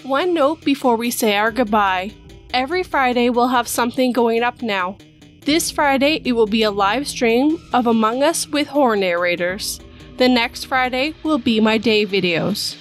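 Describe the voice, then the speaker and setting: A woman host reading a horror story aloud in a measured, dramatic storytelling style. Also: on the high side, soft background music. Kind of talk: scripted horror narration.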